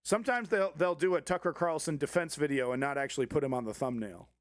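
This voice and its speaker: A man's voice: fairly high pitch, fast talker, dry recording, clean studio sound. A man hosting a live commentary stream, ranting sarcastically and swearing often. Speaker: host.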